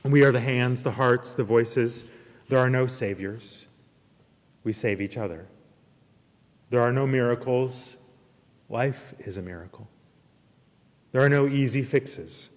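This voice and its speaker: A man preaching a sermon as minister, earnest and emphatic, with slow deliberate pauses. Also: medium pitch. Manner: earnest preaching, slow emphatic pauses, retells a parable with lively character voices. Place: church service streamed online. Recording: long hall reverb.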